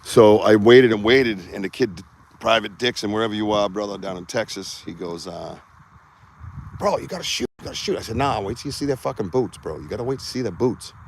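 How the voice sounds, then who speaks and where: A man hosting a podcast live outdoors, telling profane, animated war stories and acting out the shouts of the people in them. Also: fairly low pitch, brisk, a little hiss or hum. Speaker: podcast host. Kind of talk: casual storytelling on a live outdoor stream.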